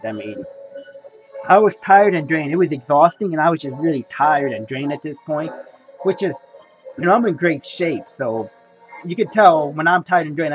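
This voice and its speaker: High-pitched guy rambling about his comic haul, lots of "you know", faint music behind. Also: low-quality recording. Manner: rambling, repeats himself, says "folks" and "you know". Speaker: comic collector vlogger. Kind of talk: casual haul video talk.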